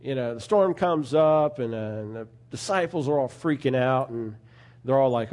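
Male preacher, conversational sermon delivery, earnest, mid pitch, relaxed dark timbre. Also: moderate pace. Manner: conversational, earnest, with asides like "you know".

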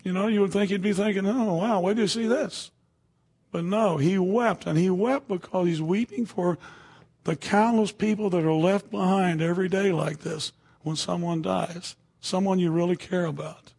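A man's voice: high voice, fairly even intonation, normal speed, vocal fry, a little mellow, breathy edge. A man preaching a sermon to a room of people, talking conversationally and checking in with "okay?" and "you know" as he goes.

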